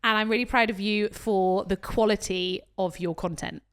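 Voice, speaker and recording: A woman's voice: medium pitch, fairly even intonation, normal speed, clear, resonant tone. A young woman co-hosting a podcast, talking candidly in casual chat with plenty of swearing and laughter. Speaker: podcast co-host.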